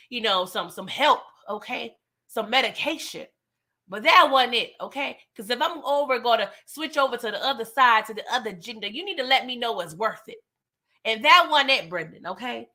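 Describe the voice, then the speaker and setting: A woman hosting a casual TV recap and review. She is animated and slangy, and talks straight to her viewers. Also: a little high. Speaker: TV recap host.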